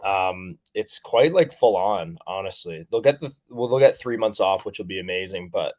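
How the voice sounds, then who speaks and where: Young male athlete from Canada, deep voice, loose filler-heavy interview talk. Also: expressive, normal speed, darkish tone. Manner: rambling, many fillers and restarts. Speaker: professional rugby player guest. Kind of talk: casual interview chat.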